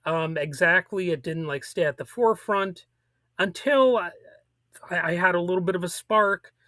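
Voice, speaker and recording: A man with a bright, forceful voice, pitched a touch above most men, talks through political commentary on his own show. He rambles, restarts and drops sarcastic asides. The sound is dry and close, with no room around it. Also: moderate pace, dry recording.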